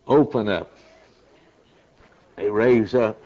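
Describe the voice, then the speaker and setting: Slow, dramatic male preacher, lo-fi. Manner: slow, dramatic preaching that climbs to high shouted peaks. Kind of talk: sermon.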